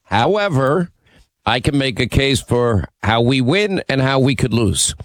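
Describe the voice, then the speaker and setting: A man's voice: medium pitch, very animated, unhurried, dry recording. Emphatic male talk radio host. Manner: emphatic, teasing, rallying listeners.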